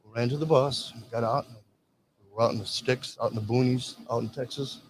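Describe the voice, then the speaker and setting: A man's voice: medium pitch, steady tone, brisk, noisy background. An older man from Michigan, a veteran telling rambling stories and acting out quoted dialogue in casual chat. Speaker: veteran guest. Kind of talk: casual storytelling.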